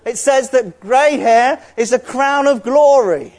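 A man's voice: very high voice, takes it slowly, a little mellow. A man preaching a sermon in an earnest, conversational way, with asides to the congregation.

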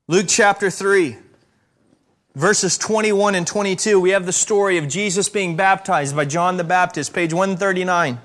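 Man preaching, high-pitched voice, emphatic, slows to stress repeated phrases. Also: fairly bright tone. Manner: preaching with emphatic rises and slow, stressed repetitions. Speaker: pastor. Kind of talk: sermon.

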